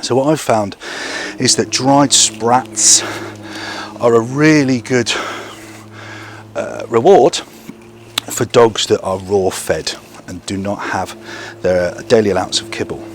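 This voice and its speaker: A man's voice: medium pitch, takes it slowly, a little hiss or hum. A man training a young gundog outdoors, explaining to camera between short bursts of praise and commands to the dog.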